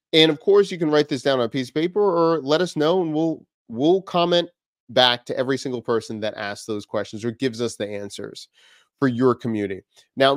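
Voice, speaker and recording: Speaking straight to camera on his own channel, a business coach energetically gives business advice, firing off one rhetorical question after another. His voice is medium-pitched, and the recording is dry and studio quality.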